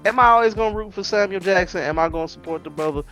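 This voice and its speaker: A man with a New Orleans accent chatting as a guest on a casual podcast, animated and quick with asides. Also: high voice, soft background music. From Louisiana. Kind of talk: casual chat.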